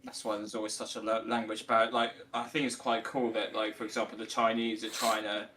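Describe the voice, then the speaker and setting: Bright, chatty young male caster. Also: on the low side, little pitch movement, a little fast, a little hiss or hum. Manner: chatty, analytical play-by-play. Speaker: esports caster. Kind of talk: live esports commentary.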